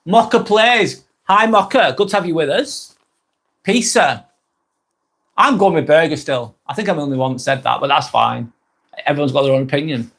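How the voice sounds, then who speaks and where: The speaker is a middle-aged Lancashire man from England running a casual live stream. His voice is a little high and a bit bright, at a normal pace, and his friendly patter loops back on itself and trails away as he reads viewer comments.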